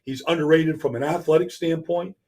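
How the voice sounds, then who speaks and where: A man with a slightly raised, husky voice breaks down football in casual studio chat. He talks in emphatic bursts and stacks repeated words as he works up to each point. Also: on the high side, fairly even intonation, brisk, a little mellow. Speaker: regular guest analyst. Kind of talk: casual sports talk.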